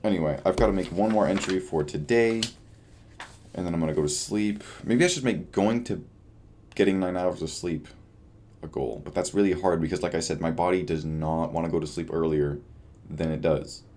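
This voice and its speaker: A man's voice: low-pitched, moderate pace, a little mellow, a little hiss or hum. Tired young man rambling in a video diary. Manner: rambling, self-deprecating, trails off. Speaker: vlogger.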